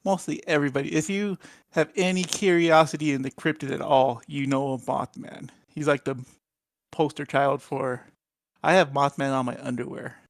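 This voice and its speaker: Brief: slightly high, gravelly male co-host, playful ribbing, dry mic. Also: fairly even intonation, normal speed, no echo. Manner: jokey, teasing, laughs at own jokes. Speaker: podcast co-host. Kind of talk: casual live-stream podcast chat.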